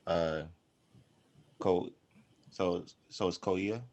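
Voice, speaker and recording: A man answering as a student, hesitant and halting as he works out his answers. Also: sits low, steady tone, creaky, darkish tone. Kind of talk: answering in class.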